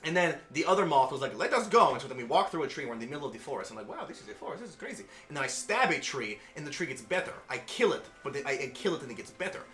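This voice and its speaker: A man's voice: medium pitch, expressive, very fast, hardly any pauses, echoey room. A man playing a tabletop game, recapping his character's adventure in a rambling, jokey way full of "and I'm like". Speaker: player.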